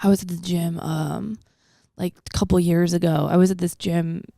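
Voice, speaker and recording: A woman hosting a podcast in casual chat. She tells stories in an animated way, full of swearing and slang, on a close studio mic. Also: lowish voice, moderate pace, creaky, no room sound. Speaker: podcast host.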